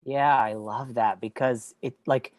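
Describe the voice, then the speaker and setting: A woman's voice: extremely low pitch, steady tone, measured pace, a little mellow, no room sound. A woman podcast host asking questions in a casual interview, chatty with frequent "like" fillers.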